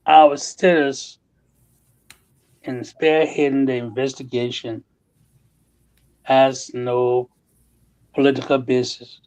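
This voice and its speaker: A man with a Liberian accent making a formal, measured statement on a talk show. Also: medium pitch, level tone, a little mellow, low-quality recording.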